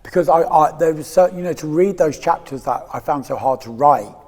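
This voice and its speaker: This fairly high-pitched, slightly mellow male voice moves a little fast and echoes as if in a large room. The speaker is an English man in his fifties, a guest in a candid interview who rambles with emotion, laughs frequently and keeps restarting.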